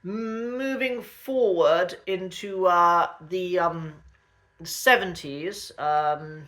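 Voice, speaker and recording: A man explains things in a relaxed, conversational way, like an accent coach chatting to viewers. His voice is bright and forward, with a thoughtful, unhurried delivery. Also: high-pitched. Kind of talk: casual educational talk.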